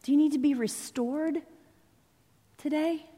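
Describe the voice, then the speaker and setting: A woman's voice: high-pitched, fairly even intonation, a little slow, mellow. A woman preacher delivering an impassioned, dramatic sermon in a church sanctuary. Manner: impassioned, dramatic, rising and falling intensity. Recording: long reverb in a large hall.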